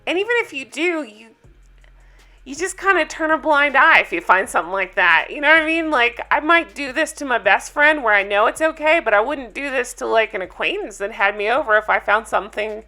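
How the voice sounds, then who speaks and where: A woman's voice: sits high, a little fast. A woman vlogger recapping a reality show episode in casual, opinionated chat. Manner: chatty, opinionated, animated.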